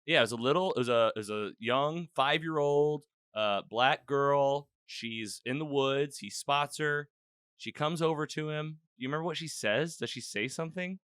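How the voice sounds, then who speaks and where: A man's voice: fairly high pitch, normal speed, fairly bright tone, smooth, no echo, studio quality. A man hosting a podcast, casually recapping an episode in a loose, rambling way and acting out the characters' lines. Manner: loose and rambling, acts out quoted lines, lots of "like". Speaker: podcast host. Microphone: own podcast microphone.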